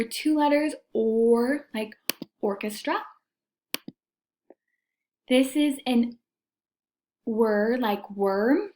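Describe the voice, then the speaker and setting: A woman teacher records a reading lesson for young students, speaking in a slightly high voice. She moves slowly and carefully, sounding out each letter and vowel sound, and keeps her explanations patient and plain. Her delivery stays clear and unhurried the whole way through. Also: a little mellow, a little hiss or hum.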